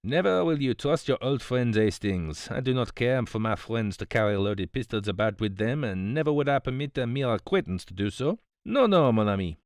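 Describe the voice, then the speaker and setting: A man's voice: mid-range voice, sing-song, moderate pace, no room sound, studio quality, close to an everyday voice. A man voicing a fussy, smug older detective, politely reproving, in an audiobook. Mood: smug, precise. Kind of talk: audiobook character voice.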